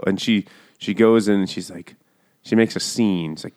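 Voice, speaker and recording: A man's voice: moderate pace, clean tone. A man co-hosting a casual book podcast, making crude jokes and quoting characters. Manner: crude jokes, high-pitched put-on quotes. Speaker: podcast co-host. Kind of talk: casual chat about a book.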